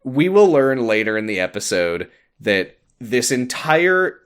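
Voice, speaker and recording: A man's voice: medium pitch, a little slow, smooth. Sarcastic man recapping an episode. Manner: sarcastic, animated in quoted bits. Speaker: podcast co-host. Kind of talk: casual chat recapping an episode.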